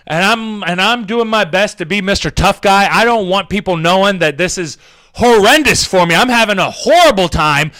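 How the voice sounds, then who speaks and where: High bright-voiced rambling male podcaster. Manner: rambling, animated, many fillers and restarts; swears casually. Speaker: podcast host. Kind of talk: casual comedic storytelling.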